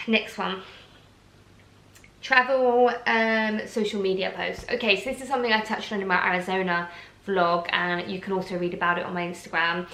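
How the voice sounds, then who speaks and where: A woman's voice: medium pitch, steady tone, moderate pace, sharp tone. A woman from Essex with an Essex accent, a blogger ranting to camera in a chatty, indignant way full of fillers. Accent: Essex English. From Essex, England. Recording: roomy echo.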